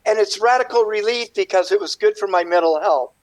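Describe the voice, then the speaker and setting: A man, a guest artist on a radio interview, telling his story in a rambling, animated way and acting out what people said. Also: high voice, a little fast, poor audio.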